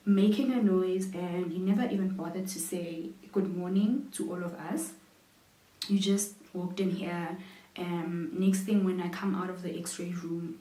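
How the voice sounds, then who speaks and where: A woman, chatting and telling a lively story as a vlogger while doing her makeup, acting out her own reactions. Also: medium pitch, far from the mic. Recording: roomy echo, voice set back from mic.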